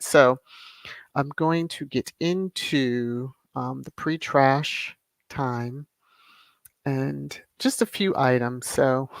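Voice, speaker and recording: A livestream host chats at an easy, unhurried pace, and the voice has a gravelly fry. The host greets viewers by name, laughs often and reads their comments aloud. The sound is close and dry. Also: mid-range voice, no echo. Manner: drawn-out, unhurried delivery with frequent fillers. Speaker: channel host. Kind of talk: casual livestream chat, reading viewer comments.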